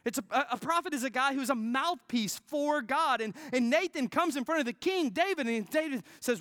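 Pastor giving a sermon, conversational and dramatic, very animated pitch, dry room. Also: fairly quick, hardly any pauses, no echo. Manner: dramatic, swings from loud to near-whisper; peppers phrases with "right?".

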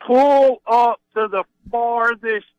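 A man's voice: extremely high pitch, steady tone, takes it slowly, smooth, no room sound, dull audio. A man calling in to a radio show, emphatically ranting about rude drivers. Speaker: caller. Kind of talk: phone-in chat.

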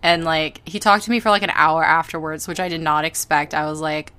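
A woman chatting animatedly on a podcast, quick to laugh and play around. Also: deep voice, smooth. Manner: animated, laughing, puts on voices. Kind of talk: casual chat.

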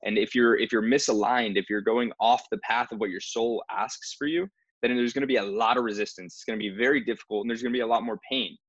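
A man's voice: medium pitch, fairly even intonation, fast talker, hardly any pauses, breathy edge, dry recording, dull audio. A man in casual conversation who speaks earnestly about finding one's path. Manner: earnest, spiritual talk.

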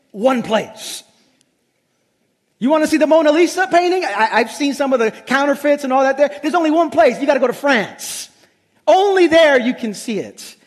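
A man preaching a sermon as pastor, emphatic, slowing and dropping low when he reads scripture. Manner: emphatic, slows down and drops low for scripture lines. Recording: long reverb of a large hall.

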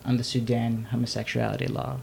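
A man's voice: mid-range voice, level tone, fairly quick, gravelly, noisy background. A man co-hosting a podcast, chatting casually and joking, often laughing. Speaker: podcast co-host. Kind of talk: casual chat.

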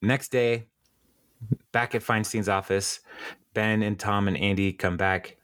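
A man's voice: on the low side, steady tone, a little slow, fairly bright tone, clean tone, no echo, studio quality. A man co-hosting a podcast, casually recapping a TV episode with many ums and frequent laughs. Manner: rambling, many ums and uhs, laughs often. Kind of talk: casual chat.

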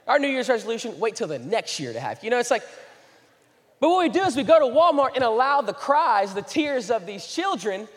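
A man's voice: very high-pitched, normal speed, in a large hall. A young man, preaching a sermon as a pastor, moving between jokes and earnest pleading. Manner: animated, joking then earnest and pleading.

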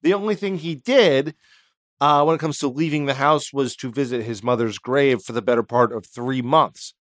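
A man's voice: medium pitch, moderate pace, fairly bright tone, no echo, studio quality. A man co-hosting a podcast, telling a story in casual chat and cracking jokes. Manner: jokey, drops into silly put-on voices. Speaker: podcast co-host.

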